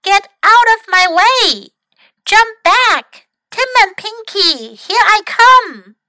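A woman doing a shouting, reckless cartoon rat. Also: sits high, slow, dry recording, pitched above the performer's own voice, full character voice. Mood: boastful shouting. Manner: shouting excitedly. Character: boisterous young male rat, reckless and cheerful.

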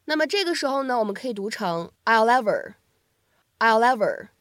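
A woman's voice: sits high, very animated, fairly bright tone, no echo, clean studio sound. Cheerful woman teaching English pronunciation. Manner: cheerful, explanatory, repeats phrases slowly. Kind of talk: scripted lesson narration.

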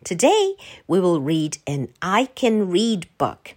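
A woman from China reading a children's picture book aloud in a slow, clearly paced, very animated way. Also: on the low side. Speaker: storyteller. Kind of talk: children's storybook read-aloud.

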